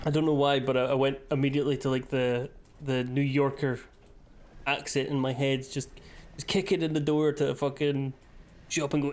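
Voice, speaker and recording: A man's voice: medium pitch, little pitch movement, normal speed, a little mellow. Sweary man streaming a game. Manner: rambling, sweary, giggly asides. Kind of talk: casual live-stream chat.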